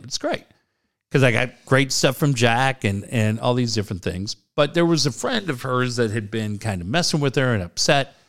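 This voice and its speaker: A middle-aged man in a casual chat, telling stories with lots of swearing and loud quoted voices. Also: medium pitch. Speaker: storyteller in a chat.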